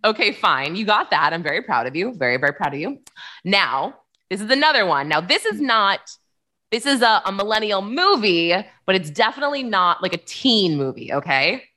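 Bright, lively young woman co-host. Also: medium pitch, normal speed. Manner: chatty, giggly, many fillers. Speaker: podcast co-host. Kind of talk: casual chat.

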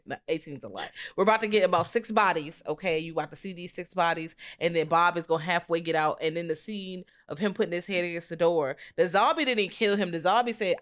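A woman in casual chat about horror films, cursing freely and acting out scenes in lively rants. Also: on the low side, brisk, few pauses. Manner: profane, animated, acts out rants. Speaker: podcast co-host.

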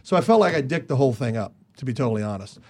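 A man as an interview guest, telling stories casually and with energy, jumping higher in pitch when he quotes others. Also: racing. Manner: animated, jumps higher when quoting others; chatty with many restarts. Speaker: guest comedian.

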